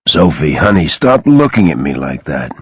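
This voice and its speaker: A man voicing a gruff, wounded tough man who speaks in a pained, gravelly way. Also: rumbling low, big pitch swings, normal speed, no echo, pitched below the performer's own voice, heavily acted.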